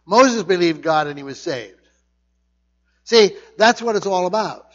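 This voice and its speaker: A man's voice: high voice, lively intonation, unhurried, fairly bright tone, muffled recording. A man preaching a conversational sermon, repeating his points with emphasis. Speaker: pastor.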